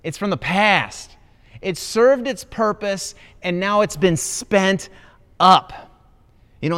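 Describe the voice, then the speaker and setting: A man preaching a sermon as pastor, telling stories with rising excitement. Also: a little high. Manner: animated storytelling with rising excitement. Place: church auditorium.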